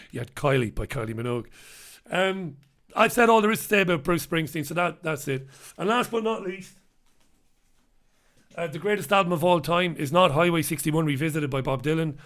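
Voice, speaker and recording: A man's voice: a little high, expressive, moderate pace, long pauses, fairly bright tone. A man with a British accent hosting a live stream, chatting casually and rambling as he reads viewer comments aloud. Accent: British English. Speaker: host.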